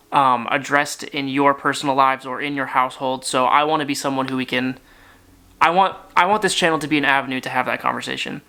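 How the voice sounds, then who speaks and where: Bright, clear-voiced young man urging viewers. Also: mid-range voice. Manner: sincere, emphatic, speaks in lists of short phrases. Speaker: YouTube channel host. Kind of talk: earnest direct-to-camera appeal.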